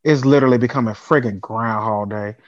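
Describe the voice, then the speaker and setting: A man co-hosting a casual sports podcast, talking in an animated, excitable way and riffing with his co-host. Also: medium pitch, a little fast, no echo, lo-fi sound.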